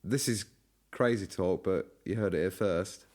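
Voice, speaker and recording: A man's voice: deep voice, measured pace, a little mellow. A man co-hosting a gaming podcast, reading out news in a hesitant way with many fillers. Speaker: podcast co-host. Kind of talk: casual podcast chat, reading news notes.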